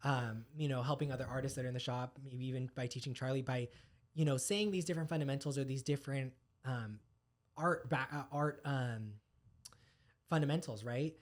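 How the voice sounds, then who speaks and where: A man who is a tattoo artist guest, telling stories in a rambling, animated way full of fillers. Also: mid-range voice, brisk. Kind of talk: casual podcast chat.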